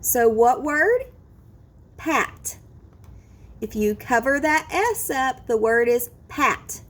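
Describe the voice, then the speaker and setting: Slow, lively-voiced phonics teacher woman. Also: high voice. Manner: slow, clear, encouraging modelling of word sounds. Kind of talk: phonics lesson for children.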